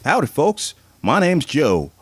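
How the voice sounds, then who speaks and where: An actor playing a folksy cowboy pitchman in a comedy radio play, with hokey salesman patter and a twang. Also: wildly swooping pitch, slow, roomy sound, full character voice. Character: folksy cowboy pitchman, adult man, cheerfully oblivious.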